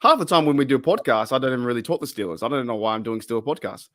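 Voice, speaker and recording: A man's voice: mid-range voice, animated, rapid-fire, a bit bright, dry recording, studio quality. A man with an Australian accent hosting a podcast in loose, rambling casual chat, full of restarts. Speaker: podcast host.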